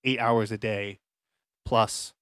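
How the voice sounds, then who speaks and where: A man co-hosting a podcast, telling a long story casually with restarts and animated retellings, recorded at home. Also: lowish voice, slow, clean tone, no echo. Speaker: podcast co-host. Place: home apartment.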